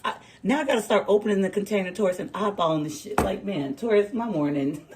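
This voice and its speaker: A woman tarot reader chatting casually and telling an animated story, laughing and using slang. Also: mid-range voice, quick pace, noisy background. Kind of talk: casual chat. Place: home kitchen, early morning.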